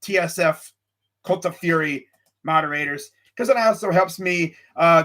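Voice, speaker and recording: A young man hosting a casual live-streamed sports show, talking his picks with excitable energy, sighing and laughing as he goes. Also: on the high side. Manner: excitable, animated, lots of sighs and laughs; reads live chat while talking.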